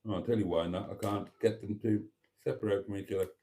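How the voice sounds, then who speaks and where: A man's voice: fairly low pitch, animated, a little fast, dark tone, husky. A middle-aged man hosting a casual live stream, reading out viewer comments and teasing them in a chatty way.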